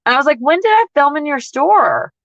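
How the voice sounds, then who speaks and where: A woman's voice: high-pitched, a little fast, no room sound, muffled recording. Blunt, cursing woman. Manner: blunt, profane, animated storytelling. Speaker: couponing vlogger. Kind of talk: casual livestream rant.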